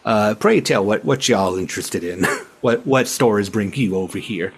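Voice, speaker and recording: A man's voice: lowish voice, lively intonation, moderate pace, husky. A man voicing a folksy, talkative local townsman who rambles and stammers. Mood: rambling.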